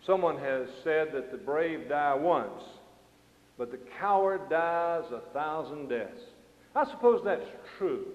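An older man delivers a sermon in a high voice, rising to emphatic peaks and dropping low again. His words echo through a large church with a long reverb tail. The recording is dull and lo-fi. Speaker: pastor. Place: church sanctuary. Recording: roomy hall sound, muffled lo-fi.

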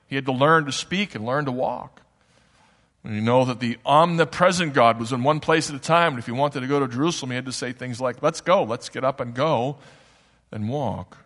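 A man delivers a sermon in a church hall with a long, ringing reverb. His voice sits at an ordinary middle pitch. He explains things conversationally and drops in casual asides to his listeners. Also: brisk, a bit bright. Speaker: preacher.

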